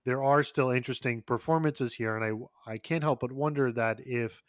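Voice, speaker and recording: Speaking at normal speed in a medium-pitched voice, this podcast co-host chats casually in long, rambling stretches full of fillers, false starts and profanity. The recording is studio quality, with no room sound.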